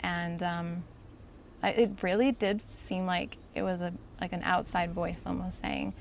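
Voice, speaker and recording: A woman's voice: fairly low pitch, expressive, unhurried, vocal fry, a little hiss or hum. A young woman from Utah, a podcast guest telling a personal story in an earnest, emotional way with lots of casual fillers. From Utah, USA. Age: young adult.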